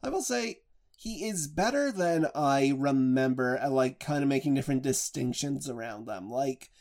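A man in a relaxed podcast conversation, reviewing film roles in an easy, talkative way. He thinks aloud, circling back on his points with plenty of filler words. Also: mid-range voice, moderate pace, vocal fry. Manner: chatty, reflective film reviewer. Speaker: podcast host. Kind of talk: casual podcast chat.

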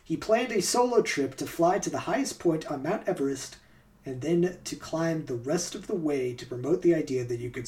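A man's voice: fairly high pitch, darkish tone. A man hosting a podcast, reading out trivia facts in a quiz game and then chatting casually about the answers. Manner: reads facts aloud, then chats casually. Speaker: podcast host.

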